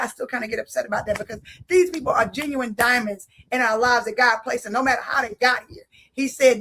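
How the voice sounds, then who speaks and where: A woman's voice: high voice, vocal fry, poor audio. A woman with a Philadelphia accent telling her life testimony, acting out the voices of the people in it. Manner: animated, acts out quoted voices. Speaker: life speaker giving a testimony. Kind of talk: storytelling testimony.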